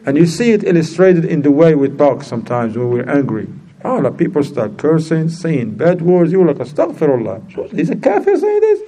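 Lively mellow-voiced man preaching. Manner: lively, acts out quoted speakers with sudden high pitch jumps; non-native phrasing, mixes in Arabic terms. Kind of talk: sermon.

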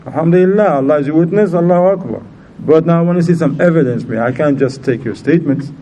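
Man, religious teacher, storytelling, quizzes listeners, acts out voices, mellow tone, faint background hiss. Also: fairly high pitch, fast, low-quality recording. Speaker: Islamic teacher. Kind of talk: informal religious lesson.

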